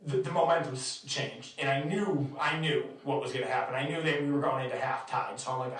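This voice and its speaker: Profane, animated podcast host, echoey. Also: male voice, a little high, moderate pace. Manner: animated, heavily profane, exasperated. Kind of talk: casual storytelling. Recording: echoey room, distant mic.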